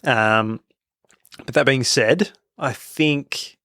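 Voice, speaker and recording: A man's voice: mid-range voice, very slow, bright, forceful tone, clear, resonant tone, no echo, clean studio sound. A young Australian man co-hosting a sports podcast, laid-back and casual, dropping "mate" often. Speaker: podcast co-host.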